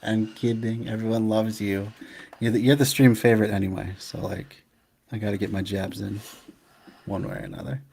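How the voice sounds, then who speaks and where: A man's voice: lowish voice, level tone, normal speed, vocal fry, a little mellow, slight background noise. A man hosting a casual stream, commenting on history in a loose, joking way.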